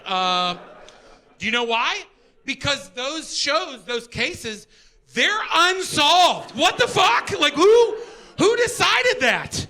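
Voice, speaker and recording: A middle-aged male stand-up comedian, doing an energetic, profane, exasperated set on a live stage. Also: extremely high pitch. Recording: live show with audience laughter.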